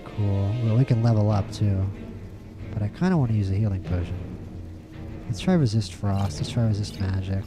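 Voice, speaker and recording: This fairly low-voiced male streamer talks at a moderate pace with music behind him. He rambles through casual gameplay commentary in a playful way, often repeating words in quick bursts.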